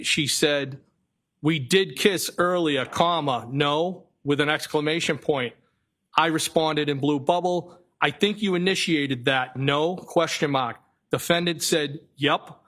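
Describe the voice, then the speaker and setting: A man testifying as a witness in a courtroom, reading messages aloud in a careful, flat way and sometimes correcting himself. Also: a little high, unhurried. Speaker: trial witness.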